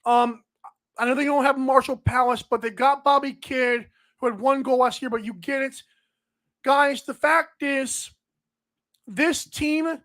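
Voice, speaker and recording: A woman's voice: high-pitched, fairly bright tone. A woman hosting a sports betting podcast, rambling casually and talking straight to the players she discusses.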